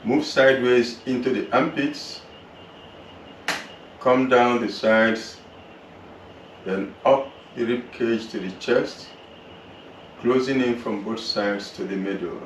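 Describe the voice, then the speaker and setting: A man teaching yoga, guiding a slow relaxation through the body and then breathing practice in a soothing, unhurried way. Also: medium pitch. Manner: slow, soothing, drawn-out guidance. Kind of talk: guided relaxation and yoga instruction. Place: yoga class room. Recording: roomy, distant mic with faint noise.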